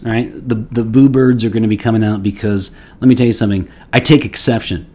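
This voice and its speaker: A man's voice: on the low side, steady tone, fairly quick, few pauses, darkish tone. A man hosting his own fragrance review channel, talking casually in a rambling way with playful mock outrage and many restarts. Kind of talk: casual solo product review.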